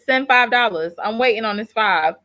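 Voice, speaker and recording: Brief: woman host, bright and forceful tone, dry close sound, slangy donation hype. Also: on the high side, animated, normal speed, dry recording, lo-fi sound. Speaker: livestream host. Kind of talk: casual fundraising chat.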